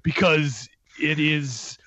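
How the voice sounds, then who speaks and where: A man in a casual film talk, speaking with excited emphasis and frequent laughter. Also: on the high side, extremely slow, no room sound, lo-fi sound. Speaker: film podcast co-host. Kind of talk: casual chat.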